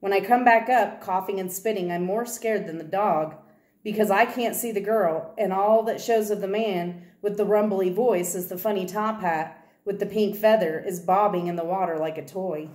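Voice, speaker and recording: A woman reading a children's novel aloud, telling the story in first person with steady delivery. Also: mid-range voice, moderate pace. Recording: roomy echo.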